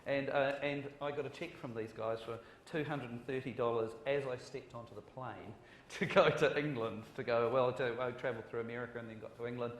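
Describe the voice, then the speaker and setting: A New Zealand screenwriter on a conference panel speaks a little fast in a steady, medium-pitched voice, rambling, making self-deprecating jokes and often restarting his sentences. The echoey hall makes his voice ring, with a faint hiss in the background.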